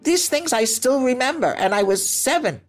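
A woman's voice: sits high, moderate pace, faint music behind. A woman in her eighties, a grandmother co-hosting a casual chat, telling stories and acting out the voices of the people in them. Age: 80s. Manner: animated storyteller who acts out quoted voices and laughs often. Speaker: grandmother and co-host.

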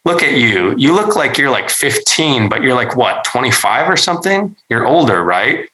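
A man's voice: mid-range voice, big pitch swings, moderate pace, bright, forceful tone, echoey room, rough recording. A man voicing a brash, flippant young male college student who talks in a casual, slangy way. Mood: teasing. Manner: casual slangy drawl, lots of "like".

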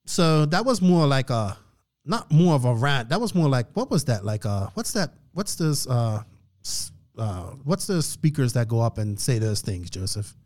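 A man hosting a podcast, delivering a casual, preachy motivational rant and clearing his throat often. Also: mid-range voice, big pitch swings, normal speed, darkish tone. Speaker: podcast host.

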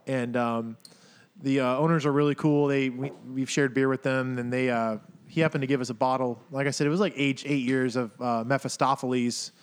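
A man from Florida chatting on a podcast, halting and hesitant, laughing often. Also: mid-range voice, steady tone, smooth. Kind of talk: casual podcast chat.

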